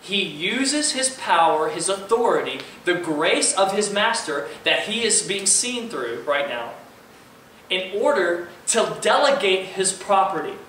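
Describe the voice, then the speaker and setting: A young man preaching a sermon, lively, quizzing the audience and acting out the characters he quotes. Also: high-pitched. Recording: echoey room, voice from far off, faint ambient noise.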